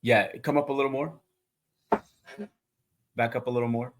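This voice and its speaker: A man's voice: medium pitch, fairly even intonation, moderate pace. Male co-host, chatty and enthusiastic, prone to digressions, casual talk over a video call. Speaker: co-host asking questions. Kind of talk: casual chat.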